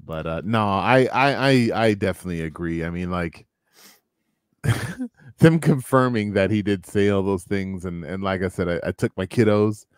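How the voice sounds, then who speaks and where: A man's voice: low-pitched, moderate pace, clear, resonant tone, dry recording, clean studio sound. A man in his thirties in a casual podcast chat, laid-back and stammering often.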